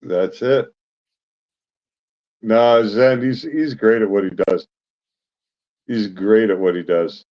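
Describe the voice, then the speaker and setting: A man's voice: lowish voice, takes it slowly, pauses often, highs cut off. A man co-hosting a radio talk show, easygoing and joking in casual banter. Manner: easygoing, joking, cheering on listeners. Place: radio studio.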